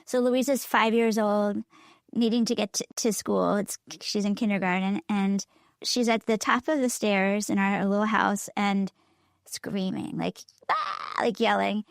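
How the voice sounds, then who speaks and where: A middle-aged woman co-hosting a parenting chat, animated and laughing often as she tells stories. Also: mid-range voice, measured pace, vocal fry, dry recording, clean studio sound. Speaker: podcast co-host. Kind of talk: casual chat.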